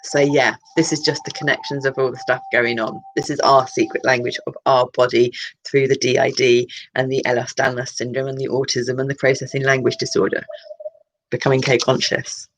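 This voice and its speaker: A woman with a notably low voice reads a colour card list aloud as the host of her channel. She keeps drifting off into wandering, musing asides and breaks off her own sentences before returning to the list. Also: flat delivery, a little fast, poor audio. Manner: wandering, self-interrupting, musing. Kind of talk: reading aloud with rambling asides.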